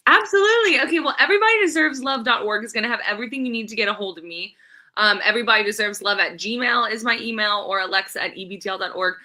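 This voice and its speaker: A woman with a high, bright and forceful voice speaks as a guest on a podcast. She sounds upbeat and eager, and she hurries through addresses and contact details. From Southern California. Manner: upbeat, eager, talks quickly when giving contact details. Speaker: podcast guest, nonprofit founder. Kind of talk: casual interview chat.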